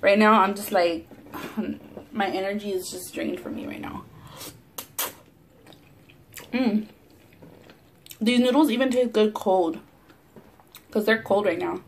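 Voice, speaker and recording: A woman's voice: mid-range voice, takes it slowly, long pauses, slight background noise. A young woman with a Los Angeles Chicano English accent, telling a story in casual, profane chat as she eats on camera at home. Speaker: mukbang vlogger. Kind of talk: casual storytelling while eating. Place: home, near a window at sunset.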